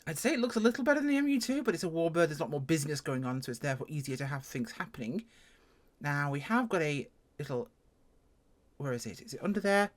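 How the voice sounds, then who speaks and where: A speaker with an English accent doing a casual first-look review of a flight sim plane, chatty and self-deprecating, with sudden jumps in pitch. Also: lively intonation, quick pace. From England.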